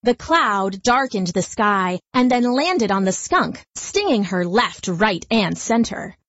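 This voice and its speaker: A woman narrating a children's story in a gentle, lively storytelling manner. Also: mid-range voice, takes it slowly, no room sound, highs cut off.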